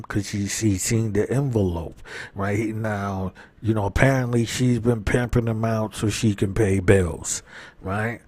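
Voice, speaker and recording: A man's voice: lowish voice, steady tone, unhurried, darkish tone, breathy edge, dry recording. A man giving a rambling, casual recap of a show, often asking "right?" and "you know". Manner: reads out characters' lines in his own voice. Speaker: show commentator.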